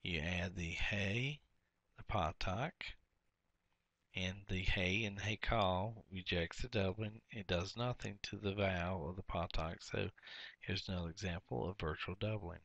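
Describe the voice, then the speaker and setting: A man's voice: low voice, measured pace, creaky, pauses often, fairly bright tone, dry recording. A man teaching a workbook lesson, explaining each step and repeating key words.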